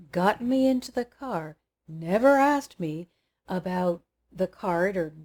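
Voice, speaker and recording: A woman host telling a personal anecdote straight to her viewers, lively and expressive. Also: mid-range voice. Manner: animated storyteller, acts out dialogue. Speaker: spiritual coach and channel host. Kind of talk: personal anecdote told to camera.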